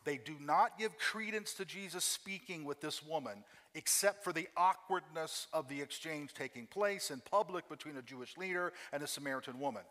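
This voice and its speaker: A man's voice: a little high, normal speed, hardly any pauses, bright, forceful tone, big-room sound. A man preaching a sermon as a pastor, telling the story with emphatic repetition and acting out the quoted voices.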